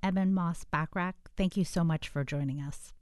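A woman radio interviewer asking measured, attentive questions. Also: on the low side, darkish tone, clear, resonant tone, no room sound, studio quality.

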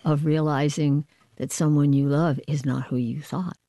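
A woman hosting a radio interview, asking quick, playful questions. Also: low voice, no room sound. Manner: lively, quick questions with playful sound effects.

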